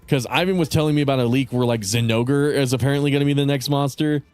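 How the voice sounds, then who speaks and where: Young man, game streamer, casual rambling commentary, frequent swearing, medium pitch, faint music behind. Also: fairly even intonation, fast talker, darkish tone, smooth. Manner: rambling, profane, laid-back.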